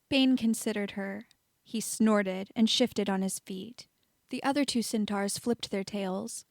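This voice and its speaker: A woman reading fan fiction aloud as an audiobook narrator, steady and even. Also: medium pitch, vocal fry, no room sound, clean studio sound. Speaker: audiobook reader.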